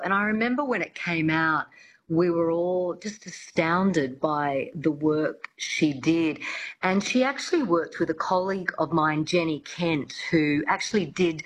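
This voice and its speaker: A woman's voice: on the low side, poor audio. A woman, a coach chatting as an interview guest, with lots of restarts and fillers. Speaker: accent coach.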